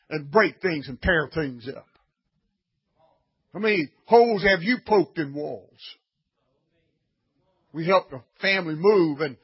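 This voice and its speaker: Blunt high-voiced preacher, husky. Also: male voice, lo-fi sound. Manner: blunt, scolding, rising to shouts. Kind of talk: sermon.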